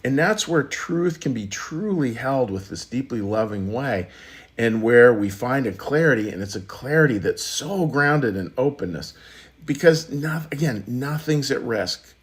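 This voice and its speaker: A man giving a short, conversational sermon as pastor on a church livestream, often repeating and restarting phrases. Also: medium pitch.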